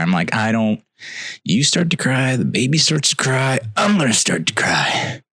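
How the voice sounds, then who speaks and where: A young man, telling a comedic story on a podcast with exasperated ranting that swings from loud outbursts to low mutters. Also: animated, normal speed, dry recording. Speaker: podcast host.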